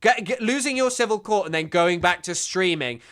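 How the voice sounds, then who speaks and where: A man with a high, bright, clear voice gives casual streaming commentary over a clip. His tone is scornful and mocking, and he laughs often while he cuts into the video. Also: animated, moderate pace.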